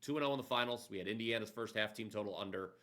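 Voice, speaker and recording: A man's voice: lowish voice, very fast, bright, forceful tone. A man hosting a sports betting show, talking casually and upbeat like an announcer.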